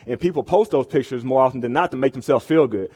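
A man's voice: mid-range voice, quick pace, a little mellow, slightly rough. Casual young man preaching to students. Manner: conversational, asks the room "right?" often. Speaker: campus ministry speaker. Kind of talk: casual sermon to college students. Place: meeting room with an audience.

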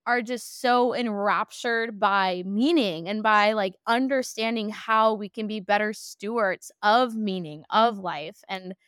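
A woman's voice: mid-range voice, a little slow, few pauses, a bit bright, clear, resonant tone, dry recording, clean studio sound. A woman hosting a casual podcast interview, chatty and self-deprecating, with lots of "like" in her speech. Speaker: podcast host.

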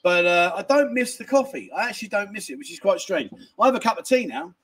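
A man's voice: high-pitched, animated, quick pace, fairly bright tone, husky. A man hosting a casual livestream, reading out viewer messages and rambling in a chatty way, with casual swearing and lots of restarts. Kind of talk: casual live chat. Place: a family home in a village, indoors.

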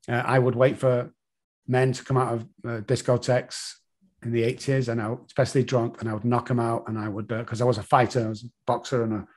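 Guest, middle-aged man, confessional and halting, ordinary mid voice. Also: medium pitch. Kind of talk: personal story in an interview.

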